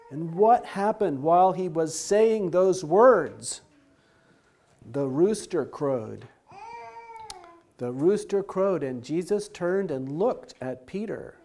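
Slow, high-voiced man telling a Bible story. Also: lively intonation, darkish tone. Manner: simple explanatory retelling with asked questions. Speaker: Bible teacher.

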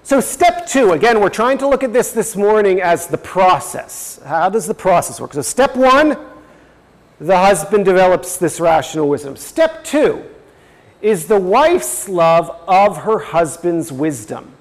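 A man's voice: high-pitched, big pitch swings, a little slow, in a large hall. A man giving a religious teaching talk, explaining step by step and reading passages aloud. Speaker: presenter.

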